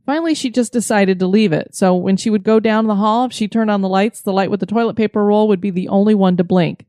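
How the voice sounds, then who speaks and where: A woman co-hosting a podcast, reading listener stories in a steady, matter-of-fact way and chatting. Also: mid-range voice, fast, no room sound, clean studio sound. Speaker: podcast co-host.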